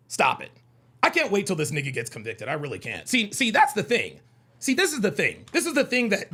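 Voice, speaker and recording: Combative host with a high, swinging voice. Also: male voice, gravelly, a bit bright, slightly rough. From American South. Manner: profane, combative, repeats himself. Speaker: call-in show host. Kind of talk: heated live reaction commentary.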